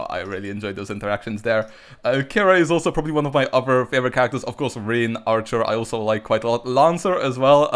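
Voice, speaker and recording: A male gaming YouTuber chats loosely through his summons, in a voice of middling pitch. He rambles with plenty of fillers and rushes of excitement. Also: clean tone. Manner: chatty and rambling, many fillers, bursts of excitement. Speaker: gacha game YouTuber. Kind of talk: casual commentary while pulling on a game banner.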